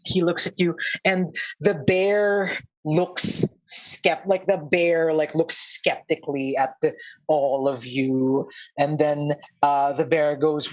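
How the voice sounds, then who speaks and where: An Australian man running a tabletop game, narrating slowly and haltingly with many pauses. His delivery is unhurried and searching. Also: on the high side, fairly even intonation, poor audio. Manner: halting, full of fillers and restarts. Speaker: game master.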